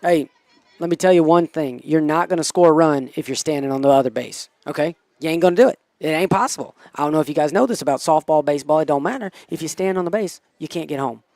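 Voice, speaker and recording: A man doing casual, excitable play-by-play for a high school softball game, chatty and cheering the batters on. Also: fast, dry recording. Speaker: play-by-play commentator. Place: small school TV studio booth.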